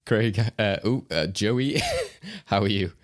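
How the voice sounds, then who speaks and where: A man's voice: on the low side, expressive, slow. A man hosting a film podcast in casual chat, joking, laughing often and rambling with fillers. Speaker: podcast host.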